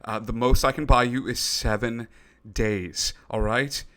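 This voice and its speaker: A man running a tabletop game as game master, narrating in a halting way with many pauses. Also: mid-range voice, steady tone, fairly bright tone.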